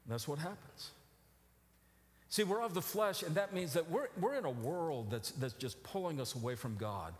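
A middle-aged male pastor preaching a sermon, moving from quiet reflective passages to loud emphatic outcries. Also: a little high, lively intonation, moderate pace, in a large hall. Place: church sanctuary.

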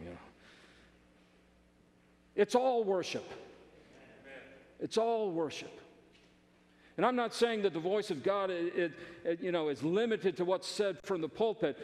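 A man's voice: fairly high pitch, animated, moderate pace, darkish tone, long reverb tail. A male pastor preaching a sermon in a church, emphatic and conversational, often repeating phrases.

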